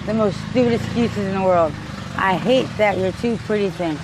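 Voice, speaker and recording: A woman talking in a rambling, restless way in a street interview, her voice swinging between loud and quiet. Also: mid-range voice, normal speed. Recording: noisy outdoor street recording.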